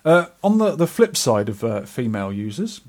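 A man's voice: medium pitch, big pitch swings, normal speed, darkish tone. A middle-aged man co-hosting an arcade podcast, chatting casually and rambling in a self-deprecating way. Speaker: podcast co-host. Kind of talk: casual chat.

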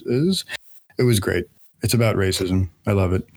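A man's voice: low voice, unhurried, darkish tone. A man hosting a casual book podcast, talking enthusiastically and thinking aloud with frequent restarts. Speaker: podcast host. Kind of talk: casual book-club chat.

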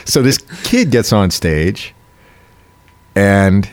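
A man's voice: low voice, a little fast, dry recording. A man hosting a comedy show, telling stories in a casual chat and acting out the voices of people he quotes. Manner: animated storyteller, acts out quoted voices.

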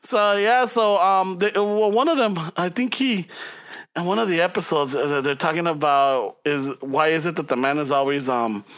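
A man in his forties who rambles in casual bilingual chat, halting and swearing, often laughing. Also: fairly high pitch, a bit bright. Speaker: podcast co-host. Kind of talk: casual bilingual chat, mixing English and Spanish.

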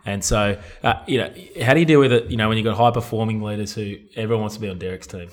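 A man's voice: lowish voice, rapid-fire. Chatty male podcast co-host. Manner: chatty and joking, reads the outro plugs. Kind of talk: casual podcast hosting.

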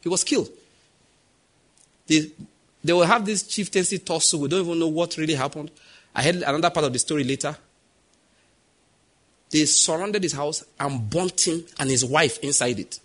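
Husky Nigerian preacher man. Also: on the high side, normal speed, pauses often. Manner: animated storytelling, acting out quoted voices. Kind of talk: sermon.

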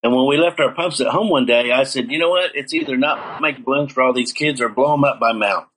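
A middle-aged man with a mid-range, husky, fairly bright voice talks briskly in an interview, earnestly giving personal testimony about his life. He acts out the dialogue he quotes, and the recording is rough.

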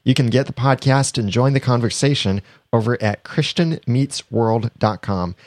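A man's voice: medium pitch, moderate pace, dry recording. A man hosting a podcast in a chatty, casual way, reading sponsor plugs and laughing often. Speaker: podcast host.

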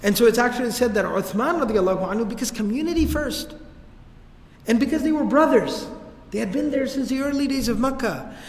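High-voiced man lecturing in an echoey hall. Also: lively intonation, fairly quick. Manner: casual, slangy, joking storyteller. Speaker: religious lecturer. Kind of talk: informal religious history lecture. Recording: echoey hall with long reverb.

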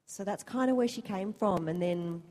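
A woman's voice: medium pitch, moderate pace. Laughing woman on a reverberant panel stage. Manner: chatty, laughs often, animated storytelling. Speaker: convention panel guest actor. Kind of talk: convention panel Q&A answers. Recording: long hall reverb.

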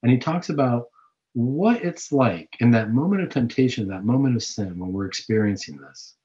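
A man's voice: mid-range voice, lively intonation, moderate pace, dark tone. A man hosting a Catholic talk show, giving a preaching-style reflection on scripture with rhetorical questions. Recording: dull lo-fi recording.

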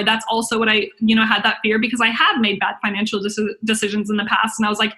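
A young woman, a business coach and podcast host, giving a chatty, excitable webinar talk full of "like" and acted-out inner voices. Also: a little high, a little fast.

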